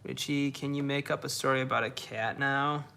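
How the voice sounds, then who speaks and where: A young man streaming from a dark room, chatting with viewers in a relaxed, slang-heavy way and echoing his own words. His voice has a gravelly edge with a bright, forward tone. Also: medium pitch, normal speed. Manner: laid-back slangy, repeats himself. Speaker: livestreamer reading chat. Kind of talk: casual live stream chat.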